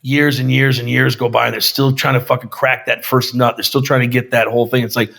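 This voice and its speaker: A man's voice: mid-range voice, little pitch movement, fairly quick, vocal fry, fairly bright tone. Man, film director, casual guest chat, heavy swearing, punchy quoted lines, mid-range voice. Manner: profane, emphatic storyteller acting out quotes. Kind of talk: casual conversation.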